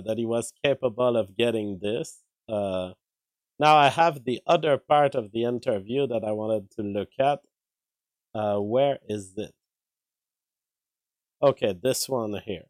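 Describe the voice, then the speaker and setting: A man's voice: mid-range voice, expressive, a little slow, no echo, poor audio. A man commenting live on an interview clip, analytical and thinking aloud through his own compressed mic.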